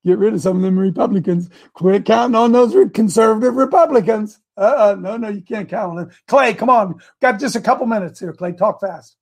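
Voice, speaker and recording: A man hosting a live show, preaching through a Bible passage in a lively, slangy way and acting out the scripture in casual street talk. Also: high-pitched, a little fast, hardly any pauses. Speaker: host and preacher.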